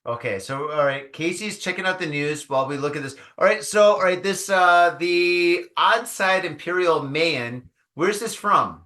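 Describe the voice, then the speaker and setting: A man from Michigan hosts a casual podcast chat with an animated storytelling manner. His voice sits a little high and sounds bright and forceful. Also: moderate pace, hardly any pauses. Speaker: podcast host.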